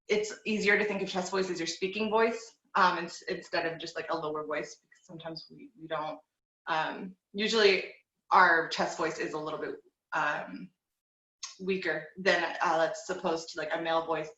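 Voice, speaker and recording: A young woman teaching an online group voice class, speaking in a relaxed, encouraging way and demonstrating with hums and slides. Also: fairly low pitch. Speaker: vocal teacher. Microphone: video call. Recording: dull, echoey room sound.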